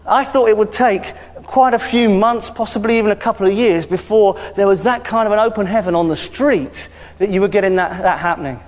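A man preaching a conversational sermon, lively and informal, punctuated with hallelujahs. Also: high voice, a little fast, hardly any pauses. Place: church hall. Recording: hall reverb.

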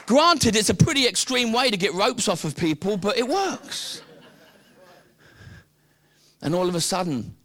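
A British man preaching a sermon, telling the story with lively, acted-out dialogue. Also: sits high, measured pace, long pauses. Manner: animated storytelling, acting out the characters.

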